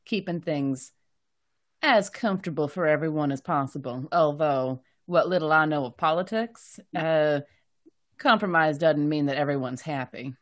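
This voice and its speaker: A woman's voice: deep voice, moderate pace. A woman playing a tabletop role-playing game, speaking in a composed, dryly witty way. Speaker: player.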